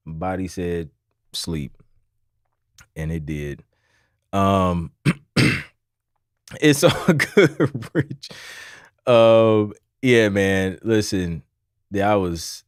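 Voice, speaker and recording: A man's voice: fairly low pitch, no echo. Dry-voiced man telling a rambling story. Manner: rambling, laughs between phrases, repeats himself. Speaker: livestream host. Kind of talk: casual storytelling chat.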